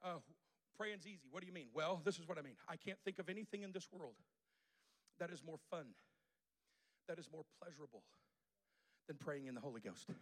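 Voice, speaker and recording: A man's voice: a little high, normal speed, pauses often. A male pastor preaching a sermon to a congregation in a church, using repetition and call-and-response.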